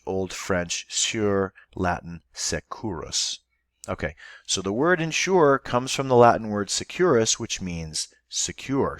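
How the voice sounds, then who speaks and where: A man's voice: deep voice, no room sound, studio quality. A male teacher giving a recorded online class lesson, explaining step by step and thinking aloud as he goes.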